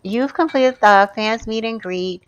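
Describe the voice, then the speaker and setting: A woman giving animated, chatty commentary over her gameplay, often calling out to her viewers. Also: fairly high pitch, measured pace, clean tone, muffled recording. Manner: animated, gasping, chatty, addresses viewers as y'all. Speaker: gaming YouTuber. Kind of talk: casual let's-play commentary.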